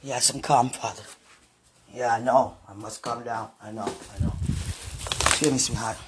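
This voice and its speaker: A former minister in an emotional live chat, overwhelmed and distressed, murmuring prayers to calm down. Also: medium pitch, moderate pace. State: distressed, tense. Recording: noisy recording with clicks.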